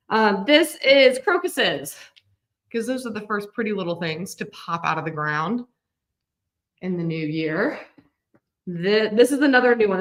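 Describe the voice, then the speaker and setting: Woman in her 30s, livestream quilting teacher, bright voice, chatty and upbeat. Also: mid-range voice. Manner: chatty and upbeat, talking viewers through steps. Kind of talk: live-streamed sewing lesson.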